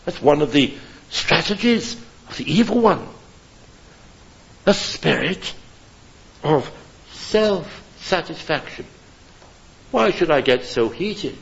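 A man preaching from a church pulpit, impassioned and emphatic, swinging between loud declarations and hushed appeals. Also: medium pitch, expressive, measured pace, pauses often, dull audio. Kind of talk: sermon.

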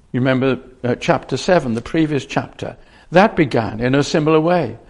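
A man's voice: mid-range voice, lively intonation, normal speed, darkish tone. A man preaching a sermon, earnest, often restarting and repeating phrases as he explains a Bible passage.

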